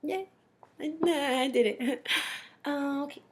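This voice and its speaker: Young woman, high voice, rambling sibling memories, giggly, filler-heavy, casual recorded message. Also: slow, slight background noise. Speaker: sibling giving a graduation message.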